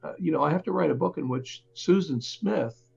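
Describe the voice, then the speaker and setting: A man who writes and reports, talking as an interview guest, halting often, with fillers and restarts. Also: a little high, creaky, darkish tone, husky, muffled recording. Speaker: author and reporter.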